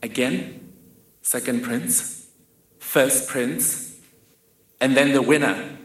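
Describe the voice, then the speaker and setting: A man's voice: medium pitch, very slow, pauses often, a crowd in the background, background noise. A young South African man telling a wry personal story on stage. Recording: roomy echo.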